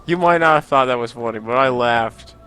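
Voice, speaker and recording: A young Let's Play host talks over his own gameplay, rambling, poking fun at himself and laughing often. His voice is medium-pitched, brisk and bright, with a forceful, clear, resonant tone.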